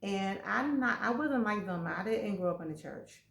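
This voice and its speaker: A woman's voice: medium pitch, normal speed, vocal fry. A woman guest speaking earnestly in a casual faith talk, sharing her own story. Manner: earnest, testimonial, speeds up when excited. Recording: echoey room.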